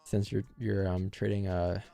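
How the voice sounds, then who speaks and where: A man's voice: lowish voice, little pitch movement, normal speed, vocal fry, dark tone. A man hosting a live trading stream, chatting casually with viewers and answering chat in loose, slangy talk. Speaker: forex day-trading streamer.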